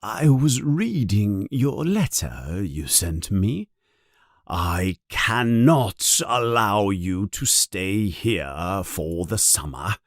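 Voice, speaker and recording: A frail old wizard headmaster, voiced by a male narrator, talks in a weak, low, breathy voice full of hesitant fillers. His slow words swing widely in pitch. The recording is dry and close. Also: sing-song, dry recording, heavily acted. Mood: grave. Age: older. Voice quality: weak, quiet, breathy at times.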